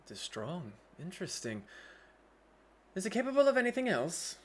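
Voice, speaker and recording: A man voicing a calm, curious woman pirate leader who probes and bargains. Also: high-pitched, normal speed, pitched above the performer's own voice, exaggerated voice. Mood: probing.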